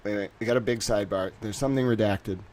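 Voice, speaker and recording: A man's voice: fairly low pitch, quick pace, a little mellow. A man hosting a livestream, reading a court transcript aloud and breaking off with amused, laughing commentary. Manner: laughs often and reacts with amused disbelief. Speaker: livestream host.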